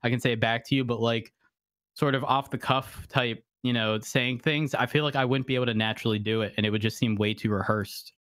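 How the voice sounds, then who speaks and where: Guest voice, giggly and self-deprecating, bone-dry sound, mid pitch. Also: fairly even intonation, brisk, fairly bright tone, dry recording. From Massachusetts. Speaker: podcast guest, roleplayer. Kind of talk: casual chat.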